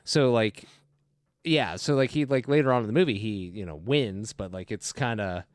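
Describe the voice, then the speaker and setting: A man's voice: fairly low pitch, moderate pace, no room sound, studio quality. A man co-hosting a movie podcast, chatting casually, laughing often and acting out quotes from the film. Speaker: podcast co-host. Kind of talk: casual movie review chat.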